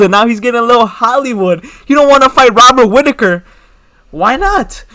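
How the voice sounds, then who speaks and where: Young man, high-pitched, dry close mic, casual slangy commentary, animated rhetorical questions. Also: no echo. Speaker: MMA commentary channel host.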